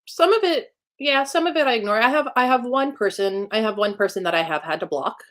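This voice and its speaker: A woman in a casual live-stream chat who talks fast, chats freely and wanders off topic. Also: fairly high pitch, expressive, a bit bright. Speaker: YouTuber and teacher.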